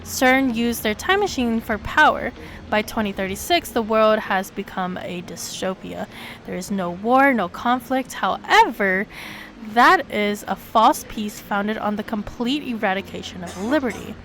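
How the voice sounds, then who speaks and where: A woman streamer reading a visual novel aloud, with sudden excited leaps in her voice. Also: unhurried, a little hiss or hum. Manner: animated reading with sudden high excited jumps.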